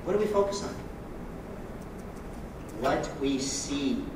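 A man preaching a sermon as pastor, joking and lively with sudden loud bursts. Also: fairly high pitch, slow pace, very echoey, recorded from a distance, background noise.

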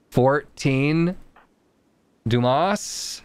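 Low-voiced man joking through a game stream. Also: expressive, unhurried, long pauses, no echo. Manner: joking, muttering to himself and the game. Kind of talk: casual gameplay commentary.

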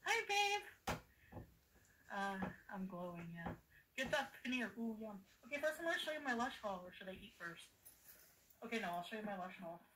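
A woman's voice: mid-range voice, animated, brisk, fairly bright tone, a little hiss or hum, rough recording. A woman chatting casually on a livestream, tired and giddy, laughing often and greeting viewers by name. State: exhausted, delirious from travel.

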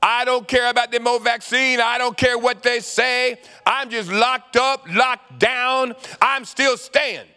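A man's voice: very high-pitched, steady tone, slow, hardly any pauses, clear, resonant tone, in a large hall, faint music behind, pitched above the performer's own voice, heavily acted. A man playing a stubborn doubting disciple. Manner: loud, insistent refusals.

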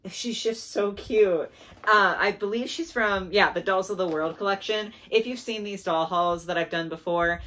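A young woman chatting casually in a doll haul video, gushing and excitable, laughing often and saying "like" a lot. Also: on the low side. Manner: gushing, excitable, giggly, lots of "like". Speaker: doll collector vlogger.

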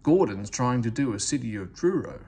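A man's voice: medium pitch, expressive, moderate pace, husky. A man voicing a kind, soothing old engine in a read-aloud storybook. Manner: gentle and soothing.

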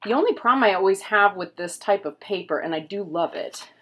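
A woman's voice: mid-range voice, expressive, a little fast, a bit bright, slight background noise. A middle-aged woman chatting casually at home as she flips through a book, rambling with lots of fillers. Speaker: tarot reader and vlogger. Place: home room with pets.

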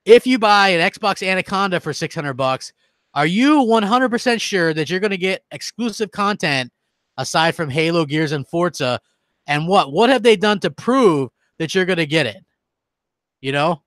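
Bright-voiced man ranting about gaming. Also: high-pitched, lively intonation, moderate pace, dry recording. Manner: heated, ranting, reads out viewer comments. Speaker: gaming channel host. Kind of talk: live-stream rant.

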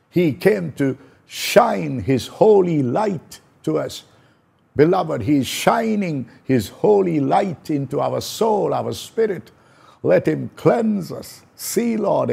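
A man preaching a slow, prayerful sermon, repeating phrases for emphasis. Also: on the high side, vocal fry, dark tone, slightly rough. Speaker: pastor.

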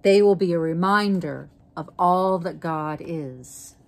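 A woman voicing a wise old female turtle in a storybook reading, speaking slowly and softly. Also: lowish voice. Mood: solemn.

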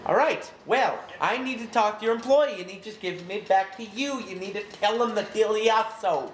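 A man's voice: high-pitched, moderate pace. Mock-angry man making a prank call. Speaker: prank caller. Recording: echoey room with loud background noise.

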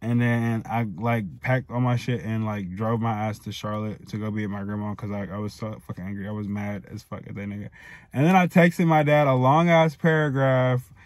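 A man's voice: on the low side, steady tone, normal speed, no room sound. A man in his twenties casually telling a personal story, heated and profane, rambling with many fillers and restarts. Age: 20s. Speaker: storytime vlogger.

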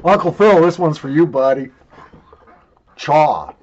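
A man's voice: fairly high pitch, lively intonation, unhurried, darkish tone, muffled recording. An older man rambling and joking crudely while he talks around a wad of chewing tobacco in a casual review video.

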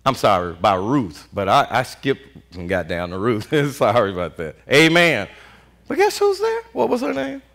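Lively animated preacher man. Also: medium pitch, normal speed, gravelly. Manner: animated call-and-response preaching with frequent "Amen"; Southern US Black vernacular speech, "y'all". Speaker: pastor. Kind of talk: sermon.

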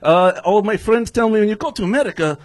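A brash immigrant comic with a thick put-on Russian accent, as a man puts him on. He boasts in clipped, broken English with a deadpan face, his voice riding high. It is heard on a handheld mic from a club stage. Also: fast. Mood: deadpan boastful.

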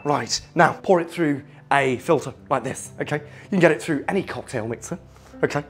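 A man putting on a hot-tempered celebrity chef, a foul-mouthed middle-aged man with a gravelly, slightly high voice. He keeps snapping "okay?" at the viewer and erupts into shouted tirades. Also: moderate pace, soft background music, close to an everyday voice. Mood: instructive bravado. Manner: swears constantly, keeps barking "okay?", bursts into shouting. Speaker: impressionist. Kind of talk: comedic cooking demonstration impression.

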